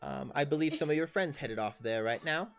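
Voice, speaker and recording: A man's voice: on the high side, a little fast, gravelly, background noise. A man voicing a helpful townswoman who gives directions in a chatty, hesitant way.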